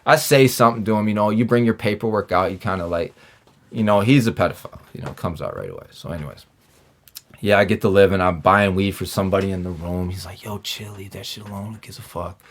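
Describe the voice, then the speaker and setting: A man's voice: deep voice, expressive, fast, slight background noise. A man telling his prison stories in a casual interview, swearing freely, restarting sentences and acting out quoted dialogue. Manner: profane, rambling, with filler-heavy restarts; acts out his own and others' lines in quoted dialogue. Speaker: podcast guest, former prisoner.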